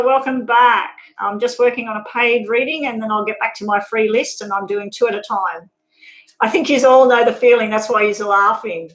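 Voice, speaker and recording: Casual woman reading tarot live, fairly high voice, talks straight to viewers, swears now and then, roomy echo. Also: a bit bright. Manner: chatty, laughs often, talks straight to viewers. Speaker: tarot reader.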